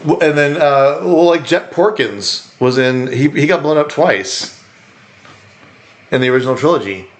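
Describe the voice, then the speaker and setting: Rambling animated male podcast co-host. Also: a little high, moderate pace. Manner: rambling, animated, acts out quotes. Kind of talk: casual chat.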